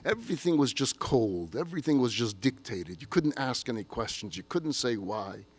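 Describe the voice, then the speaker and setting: A man voicing an elderly grandfather, a gruff former army man speaking heartfelt and confessional words. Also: on the high side, voice pushed up, lightly acted.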